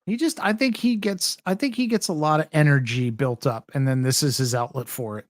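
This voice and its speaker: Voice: mid-range voice, brisk, no echo, clean studio sound. A speaker in a casual livestream chat, telling stories and mocking other streamers. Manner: storytelling, mocking, swearing.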